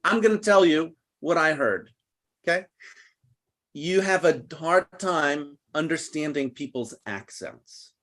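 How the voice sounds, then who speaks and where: A man teaching an online English class over a video call, explaining slowly and patiently. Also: a little high, a bit bright. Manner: patient, slow, deliberate explaining.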